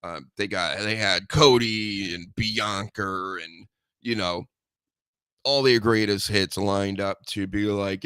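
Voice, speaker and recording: A man hosting a solo podcast, rambling and joking with mock threats and loud mocking outbursts. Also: lowish voice, slow, smooth, dry recording, studio quality. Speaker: podcast host. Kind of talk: casual solo wrestling podcast chat.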